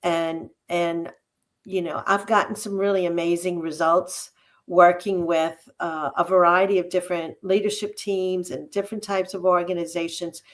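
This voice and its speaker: A woman who coaches and speaks in public, answering interview questions in a thoughtful way with many "um" pauses. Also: lowish voice, little pitch movement. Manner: thoughtful, uses many "um" fillers, tells stories about herself. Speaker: podcast guest, coach and speaker. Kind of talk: casual interview conversation.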